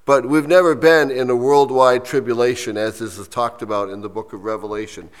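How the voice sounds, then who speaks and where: Man, pastor preaching a sermon, slow emphatic readings, quiet asides, long hall echo. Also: mid-range voice, fairly even intonation. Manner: preaching, reads quoted verse slowly and emphatically, drops to soft asides.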